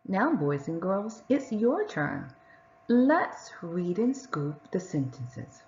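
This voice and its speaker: A woman teacher giving a patient reading lesson to young children, sounding out words and reading sentences slowly and clearly. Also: mid-range voice, huge pitch swings, muffled recording, slight background noise.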